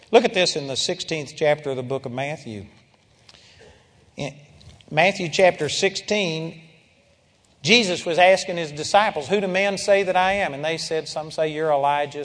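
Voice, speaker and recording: A man preaching a sermon to a congregation, telling a story through quoted dialogue and building to emphatic swells. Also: a little high. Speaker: pastor. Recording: long hall reverb.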